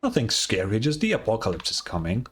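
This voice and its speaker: A man voicing an unbothered young traveler in a game fan dub, deadpan and dropped below his usual voice. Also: lowish voice, fast talker, voice pushed down.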